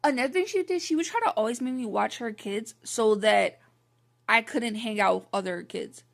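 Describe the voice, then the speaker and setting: A woman's voice: on the high side, moderate pace, creaky. A young adult woman telling a personal story to camera in a rambling, frank and exasperated way, full of "like" fillers. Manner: rambling, heavy use of "like" fillers. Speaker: vlogger. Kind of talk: candid storytime monologue.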